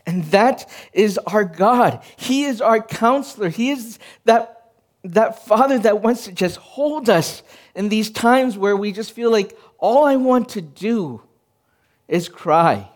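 A male pastor in his thirties with a fairly high voice, preaching an earnest sermon. He tells personal stories in a conversational way and often restarts his phrases as he searches for words. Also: expressive, takes it slowly.

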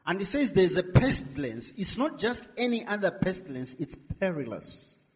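A middle-aged male minister preaching a sermon, swinging between loud emphatic lines and soft drawn-out words. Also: high voice, sing-song, big-room sound.

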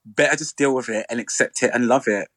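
A man's voice: medium pitch, quick pace. Chatty man in his thirties. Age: 30s. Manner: chatty, animated, playful mimicry. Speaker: podcast co-host. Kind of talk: casual chat.

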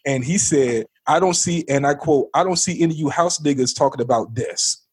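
Male co-host, husky voice, animated storyteller, dry close sound. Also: on the high side, a little fast, no room sound. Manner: animated storyteller, acts out arguments. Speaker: podcast co-host. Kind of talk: casual political chat.

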